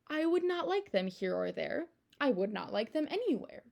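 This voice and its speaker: Teacher doing a stubborn grumpy guy who won't eat anything, loud flat no after no, a little gravelly. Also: high voice, normal speed, exaggerated voice. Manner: emphatic, repetitive refusals. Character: stubborn grumpy male picky eater.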